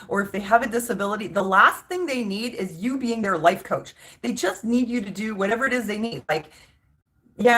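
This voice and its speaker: A woman's voice: mid-range voice, fairly bright tone. Exasperated woman venting to camera. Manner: exasperated, emphatic, many restarts. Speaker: vlogger. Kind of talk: casual storytelling rant.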